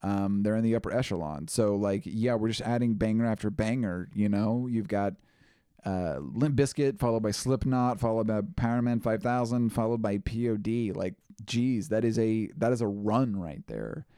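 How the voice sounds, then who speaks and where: A man's voice: on the low side, moderate pace, mellow, smooth, no room sound, clean studio sound. Rambling man co-hosting a podcast. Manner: rambling, heavy on "like" and "you know", swears casually. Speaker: podcast co-host. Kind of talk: casual chat.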